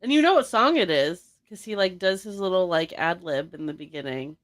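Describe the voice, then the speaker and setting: A woman's voice: fairly low pitch, lively intonation, a little fast. A woman co-hosting a podcast in casual chat, full of likes and fillers. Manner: chatty, many likes and fillers. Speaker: podcast co-host.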